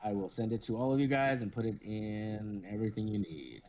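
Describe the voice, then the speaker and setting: A man's voice: fairly low pitch, a little fast, muffled recording, crowd noise. A man narrating a tabletop game as game master in a loose, casual way.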